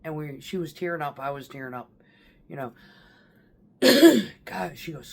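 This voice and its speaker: A woman's voice: low voice, very animated, a little slow, creaky. A woman talking casually to camera about her stepfather's last days, rambling and emotional, with casual swearing. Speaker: vlogger. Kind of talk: casual personal storytelling.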